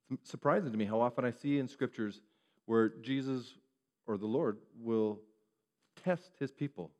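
A man preaching a sermon who keeps asking the listeners questions and moves between hushed and raised delivery. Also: medium pitch. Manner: asks the listeners rhetorical questions.

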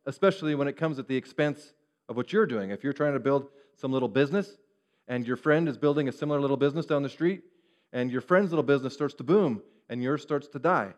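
A man preaching a sermon, animated and acting out the voices of the people he quotes. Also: medium pitch, a little fast. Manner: animated, acts out quoted speech. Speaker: pastor. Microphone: referring to a screen, preaching to a congregation.

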